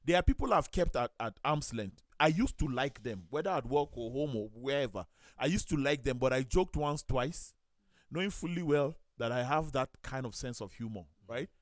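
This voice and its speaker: Nigerian male talk-show host and pastor, animated storyteller, close dry studio mic. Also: mid-range voice, normal speed, no room sound. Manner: storytelling, acts out quoted voices, lively. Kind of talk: studio talk show chat, telling anecdotes.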